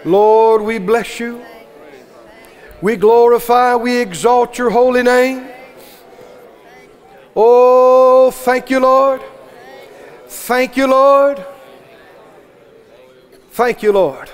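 A man's voice: very high-pitched, fairly even intonation, very slow, long pauses, clear, resonant tone, long reverb tail. A man preaching a sermon to a congregation, with fervent, repetitive exhortation.

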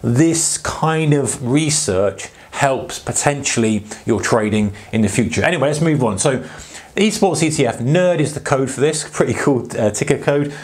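A man's voice: mid-range voice, expressive, moderate pace. Chatty British man explaining trading. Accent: British English. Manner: loose, chatty, many fillers, addresses viewers as guys. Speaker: trading channel host. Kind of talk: casual explainer talk.

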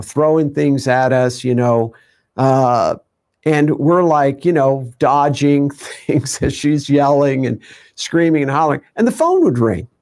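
Male preacher, slightly high pitch, loose conversational Bible teaching with lots of "you know.". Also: darkish tone. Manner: conversational, many fillers, acts out quoted voices. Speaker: teacher of a ministry show. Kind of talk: informal sermon teaching.

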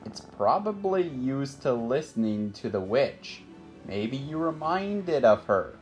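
A narrator voicing a nervous, jumpy young man in an audiobook, pitched up and cracking into high yells when scared, with a faint music bed behind. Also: sing-song, slow. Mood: dry. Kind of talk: audiobook character voice.

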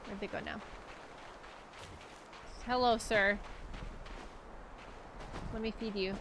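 A woman's voice: medium pitch, fairly even intonation, slow, long pauses. A woman streaming a game live, chatting casually to herself and her chat as she plays, into a desk microphone at home. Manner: chatty, talks to herself and chat while playing. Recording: clicky background noise.

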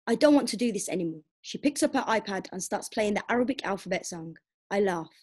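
A young woman performs spoken word poetry in a steady, plainspoken storytelling voice. Her pitch sits in a middle register for a woman. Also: quick pace. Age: young adult. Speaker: poet.

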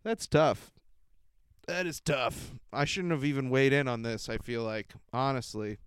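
A man's voice: medium pitch, a little slow, clear, resonant tone, no echo, studio quality. A young man hosting a casual solo podcast, rambling with many fillers, laughing and swearing as he tells stories. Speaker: podcast host.

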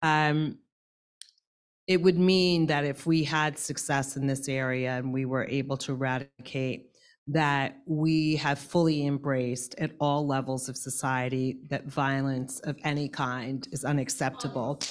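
A woman speaking as a panelist in a discussion, deliberate and emphatic, building long lists of points. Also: low voice, steady tone.

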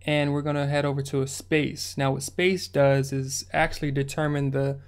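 A man's voice: mid-range voice, level tone, normal speed, clean tone. A man hosting a music production tutorial, talking through the steps in a laid-back, slangy way. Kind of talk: casual screen-recorded tutorial narration.

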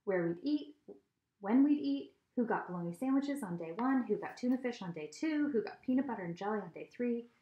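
A woman reading a children's novel aloud at home, with steady, expressive storytelling. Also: on the high side, brisk, highs cut off. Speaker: reader. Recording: echoey room.

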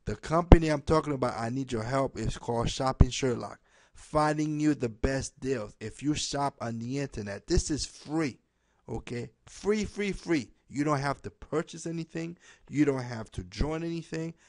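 A man making a direct appeal to camera, pleading and repeating himself, ending most lines with a low "okay?". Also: normal speed, darkish tone, dry recording. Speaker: home business promoter.

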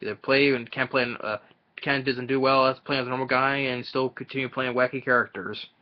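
A man giving a casual, rambling film review, halting often and restarting his sentences. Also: mid-range voice, fairly even intonation. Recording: dull lo-fi audio.

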